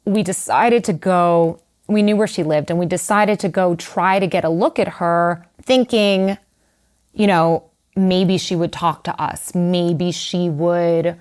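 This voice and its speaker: A young adult woman telling a personal story in a candid, animated way, full of "like" and "you know". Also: on the low side, a little slow. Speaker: guest writer. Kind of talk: conversational storytelling.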